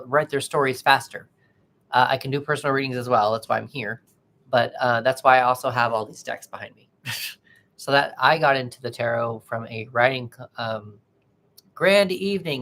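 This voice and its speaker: A man hosting a tarot livestream, chatting casually and haltingly with viewers and greeting them by name. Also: mid-range voice, fairly bright tone.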